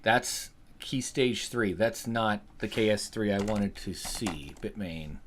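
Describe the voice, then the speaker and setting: A man's voice: fairly low pitch, slow pace, a bit bright, slight background noise. A man hosting a live stream, rambling casually, swearing freely and answering his chat. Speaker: livestream host.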